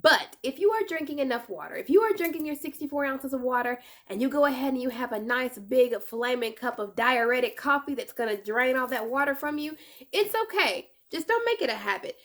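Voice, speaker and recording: Young woman vlogger, chatty and animated, playful asides, voice on the higher side. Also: a little fast. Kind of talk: casual advice vlog.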